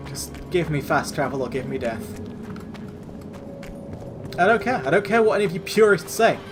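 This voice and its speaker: A man's voice: fairly high pitch, expressive, moderate pace, music in the background. A man streaming a video game, giving sarcastic, rambling, sweary commentary. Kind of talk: let's-play commentary.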